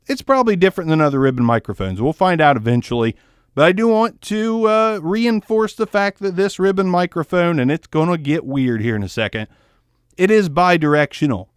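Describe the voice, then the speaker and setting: Southern guy toning down his accent, rambly mic review, smooth voice, dry close sound. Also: on the high side, no echo. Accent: tones down a Southern US accent. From American South. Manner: rambling, joking, self-deprecating. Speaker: microphone reviewer. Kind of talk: casual mic test review. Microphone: ribbon microphone, close and moved around.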